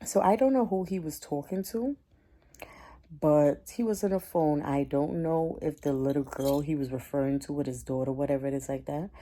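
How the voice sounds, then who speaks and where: A woman's voice: low-pitched, normal speed, mellow. A woman, telling a heated storytime rant to camera in a chatty, indignant way. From Caribbean. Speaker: vlogger.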